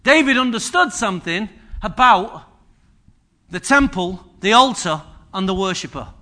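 Bright, high-voiced male preacher. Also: expressive, a little slow. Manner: humorous, conversational preaching with repetition and asides to the congregation. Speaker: pastor. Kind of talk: sermon. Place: church service.

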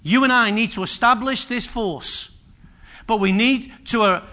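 A man preaching a sermon, acting out biblical speakers with sudden loud bursts. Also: sits high, unhurried. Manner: energetic preaching, voices biblical figures with sudden loud rises. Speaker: pastor.

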